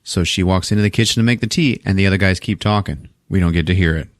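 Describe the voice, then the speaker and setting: A man's voice: low voice, fast talker, dry recording, clean studio sound. A man casually recapping a movie plot on a podcast, laughing often and acting out the characters' lines, with some swearing. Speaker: podcast host.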